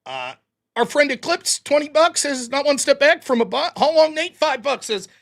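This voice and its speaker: Male streamer, high and animated, mocking humor, casual super-chat reading. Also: normal speed, creaky. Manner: reads donor messages in a lower, quieter voice. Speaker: livestream host reading super chats.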